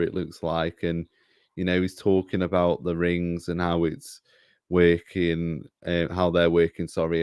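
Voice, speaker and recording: A man's voice: low voice, a little mellow, smooth, no echo, clean studio sound. A man in a casual review chat, critical and exasperated. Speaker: co-host reviewer.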